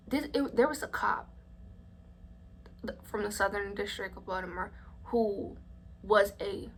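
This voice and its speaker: A woman's voice: a little high, a little hiss or hum. Indignant young woman vlogger. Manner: indignant, blunt, swears freely. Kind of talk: story time vlog.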